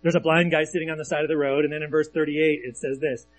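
A man's voice: fairly high pitch, flat delivery, fast talker, poor audio. A man preaching a sermon in a conversational way, often checking in with listeners and reading scripture aloud between his comments. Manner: conversational, often asks the audience "right?". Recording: faint mains hum.

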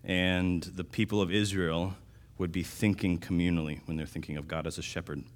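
Pastor, male, very deep voice; casual sermon delivery, restarts, punchy emphasis. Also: little pitch movement, normal speed. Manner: conversational, with restarts and sudden louder emphasis.

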